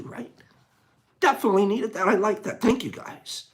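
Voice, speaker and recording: An older man hosting a casual talk on a quote, moving between quiet musing and loud rhetorical outbursts in a folksy way. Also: high-pitched, wildly swooping pitch, normal speed. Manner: folksy, says gosh darn and dude. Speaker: host.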